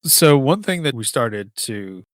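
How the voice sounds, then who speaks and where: A man hosting a podcast, asking his guest questions in a measured, thoughtful way. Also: mid-range voice, very animated, dry recording. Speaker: podcast host. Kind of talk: interview questions.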